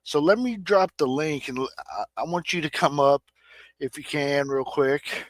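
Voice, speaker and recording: On the high side and at normal speed, the voice belongs to a middle-aged livestream host from Indiana, USA, who has an American Midwestern accent. He chats casually and emphatically in plain terms, over dry, poor-quality audio.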